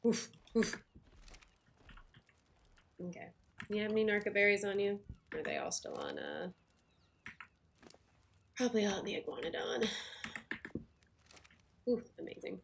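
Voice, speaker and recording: A woman's voice: mid-range voice, big pitch swings, measured pace, gravelly, long pauses, a little hiss or hum. A woman chatting casually on a game livestream, talking with lots of fillers and little laughs while she eats and plays. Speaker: game streamer.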